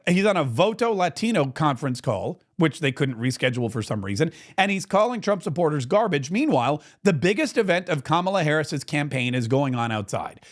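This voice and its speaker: A man hosting a political commentary show, talking in an animated, indignant way and often repeating phrases. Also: fairly high pitch. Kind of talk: opinionated commentary.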